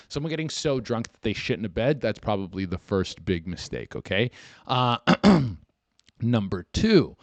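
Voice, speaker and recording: A Canadian man hosts a comedy podcast, reading write-ins and riffing on them with crude humor. His lowish voice swings widely in pitch as he acts out both sides of each scene. The sound is close and dry. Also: dry recording. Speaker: podcast host.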